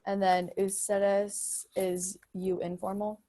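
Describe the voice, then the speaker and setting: A woman's voice: mid-range voice, level tone, slow, dark tone. A teenage girl answering in a class, hesitant and checking her answers. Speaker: student.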